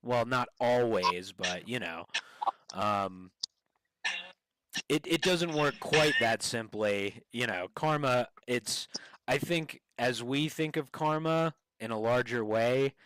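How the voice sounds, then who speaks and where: A man streaming for strangers talks slowly in a mid-range voice against a noisy background. His casual chat is rambling and hesitant, packed with fillers and restarts.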